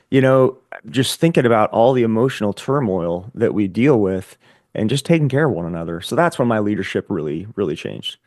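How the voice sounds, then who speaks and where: On a podcast, a male guest who served in the Air Force shares his personal story, earnest and reflective, often repeating words while he gathers his thoughts. His medium-pitched voice is expressive at a moderate pace, recorded with studio quality and no echo.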